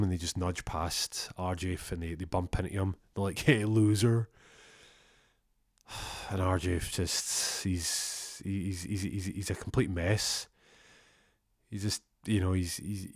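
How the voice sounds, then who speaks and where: Guy rambling thru a funny story, lowish voice, super dry sound. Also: no echo. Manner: rambling, sweary, stumbling restarts. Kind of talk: comic storytelling.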